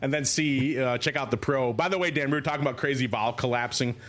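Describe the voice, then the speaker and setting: A middle-aged man hosting a podcast in casual banter, animated and digressive, often slipping into movie quotes. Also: medium pitch, fast talker. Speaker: podcast host.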